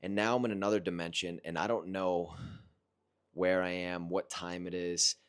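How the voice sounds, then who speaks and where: Man, low-pitched, earnest and reflective, casual first-person storytelling with halting restarts. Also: little pitch movement, a bit bright, clean tone. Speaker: vlogger recounting a personal experience.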